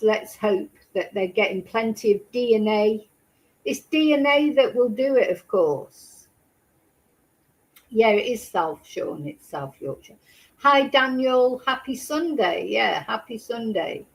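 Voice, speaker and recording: A woman talks through a true crime case in a loose, chatty way, often turning to her listeners with questions like "isn't it?". Her voice sits a little higher than most women's. She comes across as relaxed and conversational. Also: slow pace, rough recording. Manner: chatty, rambling, asks rhetorical questions. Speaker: true crime channel host. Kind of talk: casual chat with live chat viewers.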